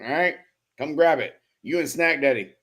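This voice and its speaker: The BMX live stream host here has a voice on the high side, fairly bright, at normal speed. Laughing often, he reads chat comments aloud and loosely teases viewers by name with profane jokes.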